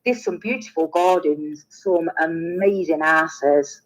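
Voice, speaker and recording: A British woman hosts a live stream, chatting casually and trailing off into mid-sentence restarts. She has a low voice and a slow pace, and the recording quality is low.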